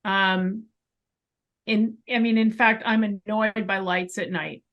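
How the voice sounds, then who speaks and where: A clairvoyant woman appears as a guest in a conversation, telling a personal story from a bedroom at home. She's animated and full of emphatic asides. Her mid-range voice moves slowly, and the sound is lo-fi.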